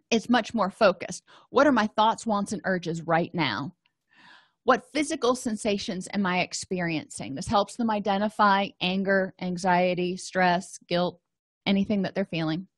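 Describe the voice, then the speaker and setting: A female counselor and trainer gives an educational lecture, explaining conversationally with everyday examples and quoted self-talk. Her voice is medium-pitched, and the recording is dry.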